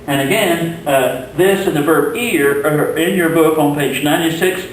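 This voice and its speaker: A man teaches a grammar lesson in a slow, patient way, now and then pausing on a filler. His voice sits a little high for a man. It comes from some way off the mic in a very echoey room with faint hiss behind. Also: far from the mic. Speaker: Spanish teacher.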